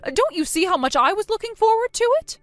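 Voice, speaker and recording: A woman's voice: very high voice, animated, quick pace, dry recording, faint music behind. A woman voicing a spiteful, jealous young sister of the groom who mocks and whines in a voiced text-story drama. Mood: whiny. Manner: mocking, whiny, petulant.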